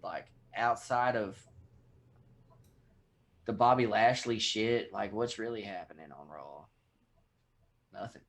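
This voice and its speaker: A Texan man co-hosting a podcast, ranting in casual chat and swearing freely. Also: on the low side. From Texas. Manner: profane, animated rants. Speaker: podcast co-host.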